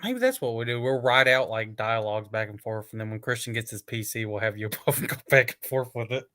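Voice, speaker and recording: A man's voice: mid-range voice, lively intonation, fairly quick, bright, forceful tone, dry recording, clean studio sound. A man hosting a casual online group chat, laughing often and swearing casually.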